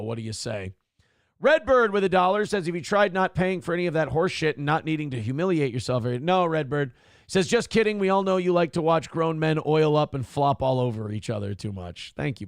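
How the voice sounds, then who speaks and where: A man's voice: sits high, gravelly, a bit bright, smooth, no echo, studio quality. A man hosting a live-streamed morning talk show, rambling and mocking in casual commentary and reading out donors' messages. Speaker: livestream show host.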